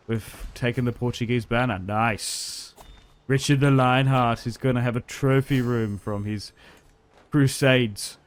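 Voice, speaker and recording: A man giving casual, upbeat commentary on a strategy game he is playing, chatty and quick to laugh. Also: mid-range voice. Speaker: gaming YouTuber.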